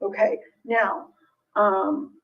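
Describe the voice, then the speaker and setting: A woman's voice: mid-range voice, level tone, very slow, far from the mic, muffled recording. A woman hosting a live jewelry sale, chatting casually with viewers, full of ums and little laughs, from the United States. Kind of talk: casual live-stream selling chat.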